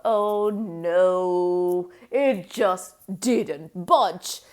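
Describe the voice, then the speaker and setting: A woman's voice: on the low side, very slow, a little mellow. A woman telling a children's story in a sing-song manner, making animal noises and asking a young listener questions.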